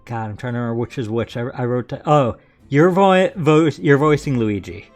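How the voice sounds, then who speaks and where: A man's voice: medium pitch, moderate pace, a little mellow. A man casually chatting with a co-player and reading game dialogue aloud as a streamer. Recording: faint music behind.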